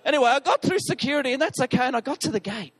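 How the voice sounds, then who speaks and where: A pastor with a high, light voice tells a story in a sermon. His delivery is animated, and he often pokes fun at himself. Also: rapid-fire, slightly rough. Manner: animated, self-deprecating storytelling.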